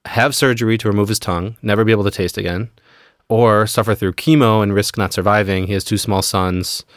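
A man's voice: lowish voice, fairly even intonation, fairly quick, no echo, clean studio sound. A man co-hosting a podcast, telling a story in a rambling, casual way with lots of fillers. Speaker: podcast co-host.

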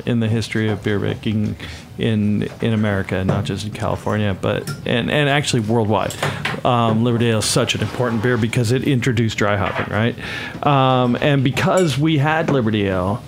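A mid-pitched man talks through his brewery's beers in a measured, explaining tone. Faint room noise sits behind his voice. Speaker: brewery representative. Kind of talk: casual chat.

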